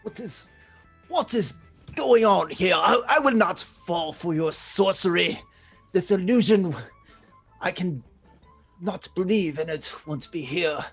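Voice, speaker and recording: A wary lion-folk warrior speaks slowly and defiantly, as a player puts it on in a tabletop game. The voice is husky and unhurried. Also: mid-range voice, lively intonation, soft background music, exaggerated voice. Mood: suspicious.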